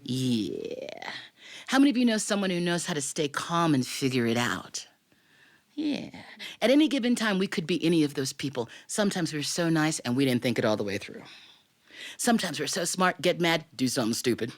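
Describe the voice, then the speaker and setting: A woman's voice: low voice, moderate pace. A woman telling a family story live, chatty and quizzing her audience. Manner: lively, chatty, asks the audience questions. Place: recording studio with live audience.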